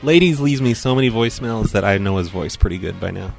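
Laid-back male host, low voice. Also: expressive, fast talker, vocal fry, a little mellow, faint music behind. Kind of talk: casual banter and prank calls.

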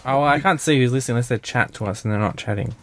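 Brief: man, mid-pitched, easygoing stream host. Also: rapid-fire. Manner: easygoing, short back-channel replies. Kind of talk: casual chat.

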